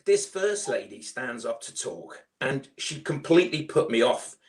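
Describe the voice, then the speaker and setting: Loud scouse bloke, middle-aged, rambling chatty stories. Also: male voice, medium pitch, big pitch swings, measured pace. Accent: Liverpool. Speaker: foster carer guest. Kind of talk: casual storytelling.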